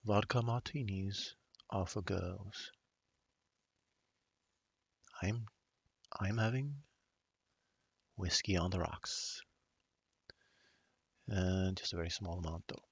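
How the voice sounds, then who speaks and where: A man's voice: slow pace, vocal fry, long pauses, husky, dry recording, muffled recording, heavily acted. A man voicing a haughty, snobby man in a put-on British accent, clipped and dry. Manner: haughty, clipped, ends lines low.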